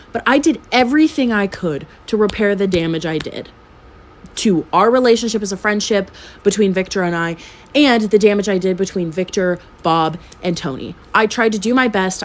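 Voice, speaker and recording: A very tired young woman at home telling a messy personal story in casual chat, swearing freely and laughing often. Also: mid-range voice. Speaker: storytime vlogger. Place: at home with her cat.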